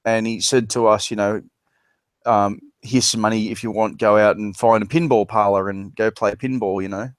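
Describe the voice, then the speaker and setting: A man with an Australian accent telling a personal story in casual chat, laughing and animated as he quotes others. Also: fairly low pitch, moderate pace, no echo. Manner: laughs while telling stories, animated when quoting others. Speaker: discussion participant.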